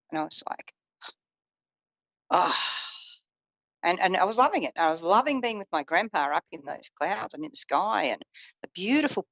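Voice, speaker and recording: A woman's voice: no room sound, muffled recording. A woman psychic telling a personal family story on a radio show, acting out the people she quotes. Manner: lively, acts out quoted family voices in a raised pitch.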